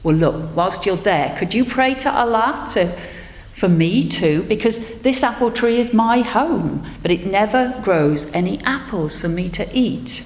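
A woman's voice: medium pitch, lively intonation, unhurried, close to an everyday voice. A woman voicing a small female bird in a tree, chirpy and pleading, in an echoey hall. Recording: echoey hall, faint noise.

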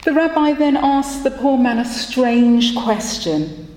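A woman telling a folk story slowly and expressively during a worship service. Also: sits high. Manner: slow, expressive. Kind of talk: told story. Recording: echoey hall with long reverb.

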